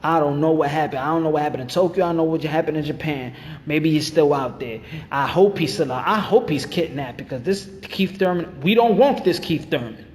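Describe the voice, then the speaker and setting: A man's voice: fairly high pitch, fairly quick, a little mellow, slight background noise. A man rants about boxing, hammering the same points over and over. He sounds fired up and emphatic. His voice rings with a long reverb. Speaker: boxing channel host. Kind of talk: ranting commentary.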